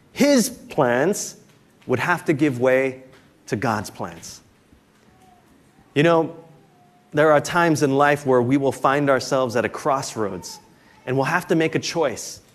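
A male pastor delivering a sermon in a conversational, storytelling way, with folksy jokes as a dad. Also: a little high.

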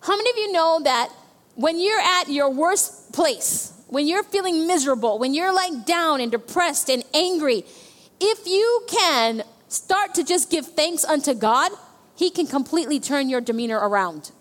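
A woman's voice: sits high, expressive, normal speed, fairly bright tone, long reverb tail. A woman pastor preaching a sermon, often checking in with the congregation with "okay" and "amen.". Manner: preaching with frequent "okay" and "amen" call-outs.

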